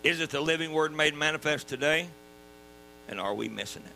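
Southern male preacher, high piercing voice, folksy emphatic sermon, hum under it. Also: fairly quick, creaky, low-quality recording. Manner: folksy, emphatic preaching with sudden drops to quiet. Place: church.

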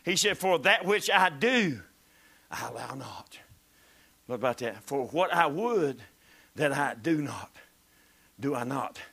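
A man's voice: a little high, big pitch swings, unhurried, bright, forceful tone, slightly rough. A man preaching a fervent sermon, exclaiming and dropping to whispers.

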